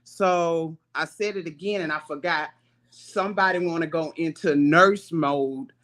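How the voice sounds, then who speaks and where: A woman guest on a video call, telling her side of the story in casual chat, soft-spoken and laid-back. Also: sits low, measured pace. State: hospital patient.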